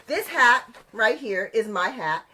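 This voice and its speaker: A sassy woman co-hosting a podcast, talking emphatically in casual chat. Her voice sits a bit high and sounds bright and forceful. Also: slow. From Texas. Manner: animated, sassy, emphatic with Southern sayings. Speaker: podcast co-host.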